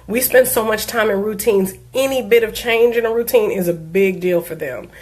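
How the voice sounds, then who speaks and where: A woman's voice: mid-range voice, moderate pace, a little mellow. A woman, a diabetes life coach, giving an earnest personal talk and telling a family story with emphasis.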